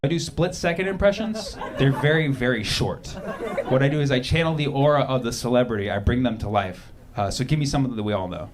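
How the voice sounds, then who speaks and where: A man's voice: mid-range voice, brisk. A man performing a stand-up comedy routine with playful crowd work and exaggerated bits. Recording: live show with loud audience laughter.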